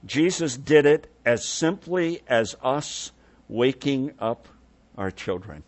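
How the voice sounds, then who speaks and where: A male preacher delivering a sermon at a slow, deliberate pace. He lingers over his words, sinks into hushed low tones when he quotes, and lifts his voice when he presses a point. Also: animated. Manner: unhurried, drops to soft low tones for quoted words, swells when emphatic.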